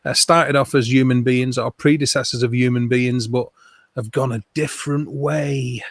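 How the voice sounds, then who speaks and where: A man's voice: medium pitch, normal speed, no echo. A man hosting a casual livestream chat and reading out viewer comments. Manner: relaxed, reads out viewer comments. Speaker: host.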